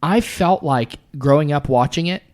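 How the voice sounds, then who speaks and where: A man chatting casually on a podcast, animated and self-mocking, laughing often. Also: fairly high pitch, normal speed. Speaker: podcast regular. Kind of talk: casual chat.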